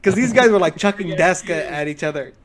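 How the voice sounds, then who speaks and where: Young man, casual storytelling, filler-heavy, fairly high pitch. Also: expressive, brisk. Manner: rambling, many filler "like"s, acts out quotes. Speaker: podcast co-host.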